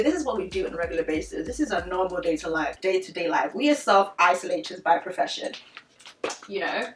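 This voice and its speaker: A young woman chatting casually in a vlog, animated and full of "like" fillers. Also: on the low side, fast talker. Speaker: beauty vlogger. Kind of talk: casual chit-chat vlog. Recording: roomy sound, a little distant from the mic, faint music behind.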